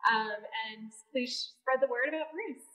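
A woman's voice: high-pitched, measured pace, distant mic, low-quality recording. Upbeat woman presenting a shelter dog. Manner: warm and upbeat. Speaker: shelter volunteer. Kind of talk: pet adoption spotlight.

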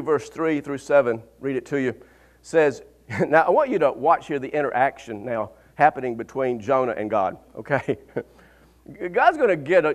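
Man, high-pitched, pastor, sermon, fervent, quiet asides, laughs while talking. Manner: animated preaching, rising to fervent peaks and dropping to quiet asides; laughs often mid-sentence.

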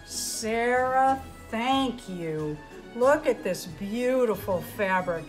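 A woman's voice: on the high side, expressive, very slow, echoey room, soft background music. A woman hosting a doll channel, chatting casually as she unboxes gifts and gushes over each one. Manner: gushing, exclaims over each gift.

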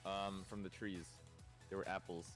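A man's voice: moderate pace, faint music behind. A man streaming a game, teasing his co-player in casual chat. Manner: teasing, animated, breaks into high yelps.

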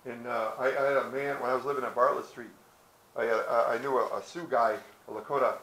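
A man's voice: medium pitch, fairly even intonation, fairly quick, fairly bright tone, roomy sound, rough recording. A man giving a history talk outdoors, telling stories in a folksy way and acting out the characters. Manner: storytelling, folksy, acts out characters with hesitations. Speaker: presenter.

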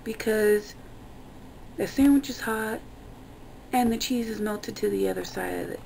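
Gravelly-voiced woman ranting, exasperated. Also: medium pitch, a little slow, a little mellow, slight background noise, rough recording. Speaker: vlogger. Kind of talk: casual ranting vlog.

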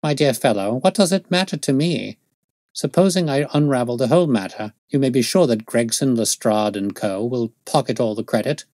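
A man voicing a self-assured detective who lectures in a crisp, raised voice as he reads a story aloud. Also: medium pitch, normal speed, a little mellow, dry recording, studio quality, pitched above the performer's own voice, close to an everyday voice. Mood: dismissive. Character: brisk, aloof male detective, self-assured.

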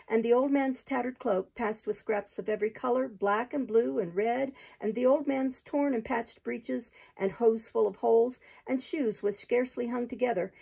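Husky woman reading a storybook aloud. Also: fairly high pitch, low-quality recording. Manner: steady, even narration.

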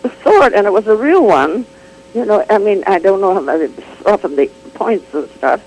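An older woman chatting as an interview guest, telling an animated anecdote full of restarts, laughs and acted-out quotes. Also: mid-range voice, normal speed, rough recording. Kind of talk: casual chat, telling an anecdote.

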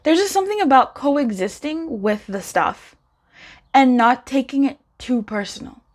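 A woman's voice: sits high, moderate pace. Chatty woman giving a tarot reading. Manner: chatty and encouraging, laughs often, voice rises when animated. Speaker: tarot reader. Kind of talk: casual pick-a-card tarot reading.

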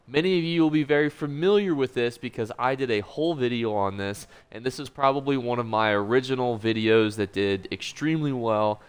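A man's voice: on the low side, smooth. A man hosting a scripted video game guide, upbeat and joking, talking over gameplay. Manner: upbeat, joking, self-correcting. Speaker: gaming YouTuber.

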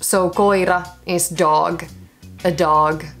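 A woman's voice: lowish voice, fairly even intonation, slow pace, fairly bright tone, soft background music. A young Finnish woman with a Finnish accent, teaching phrases in a chatty, joking vlog. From Finland. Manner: chatty, joking, self-mocking. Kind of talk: casual vlog lesson.

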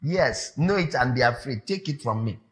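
A man preaching a sermon, animated and emphatic, repeating phrases for effect. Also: mid-range voice, moderate pace.

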